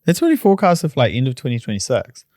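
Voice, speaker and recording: A man's voice: mid-range voice, wildly swooping pitch, rapid-fire, darkish tone, dry recording, studio quality. A man, co-hosting a podcast and giving confident, emphatic opinions in casual chat. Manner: confident, emphatic, plain-spoken. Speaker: podcast co-host, mortgage broker.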